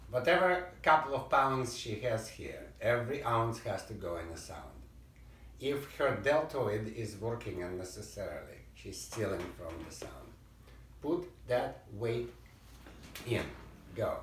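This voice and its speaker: Male violin teacher, mid-pitched, barks corrections and hums rhythms; distant roomy recording with violin under him. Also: big pitch swings, a little slow, a bit bright. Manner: sings rhythms and calls out commands over playing. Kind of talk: private music lesson coaching.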